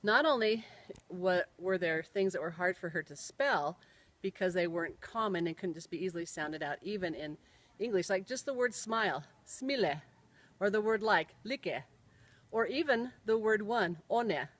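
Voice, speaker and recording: A woman's voice: medium pitch, moderate pace, a bit bright, low-quality recording. Middle-aged woman telling a family story. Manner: spells out words and sounds carefully. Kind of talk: personal storytelling.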